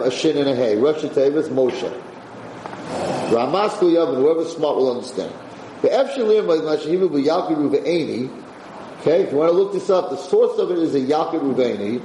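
A man giving a Torah class, lively and animated, often acting out the people he quotes. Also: on the high side. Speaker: Torah teacher. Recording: roomy room echo, faint background hiss.

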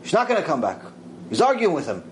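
A man giving a mussar lecture, telling a story with lively acted-out voices. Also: quick pace, a little hiss or hum, low-quality recording. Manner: animated storytelling, acts out quoted voices with big pitch swings. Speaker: Torah teacher.

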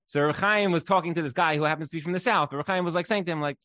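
A man's voice: a little high, rapid-fire, sharp tone, no room sound. A man giving a casual Torah class, telling stories in a loose conversational way, often saying "like". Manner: conversational storytelling with frequent "like" fillers. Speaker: Torah teacher.

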